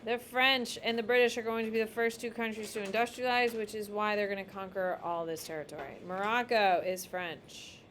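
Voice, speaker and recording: A woman's voice: mid-range voice, fairly even intonation, a little fast, hardly any pauses, a bit bright, a little hiss or hum. A woman teacher giving a casual, emphatic classroom lecture while drawing on a map.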